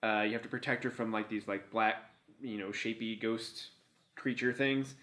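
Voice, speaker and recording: A man's voice: lowish voice, steady tone, moderate pace, pushed and bright. A man co-hosting a video game countdown show, ranting casually and profanely and laughing a lot. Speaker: co-host of a gaming countdown show. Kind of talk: casual comedic game banter.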